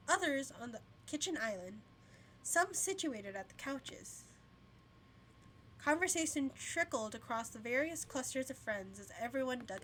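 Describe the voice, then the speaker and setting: Slow, high-voiced young woman streamer. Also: a bit bright. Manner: casual, yawning, laughs between lines. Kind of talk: reading a visual novel aloud on stream.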